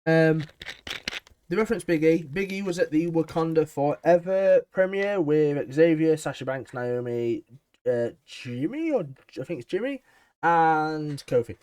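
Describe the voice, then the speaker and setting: A man's voice: a little high, animated, unhurried, a little mellow, smooth. A man recapping a wrestling episode in a chatty, enthusiastic way, with frequent ums. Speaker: wrestling show reviewer.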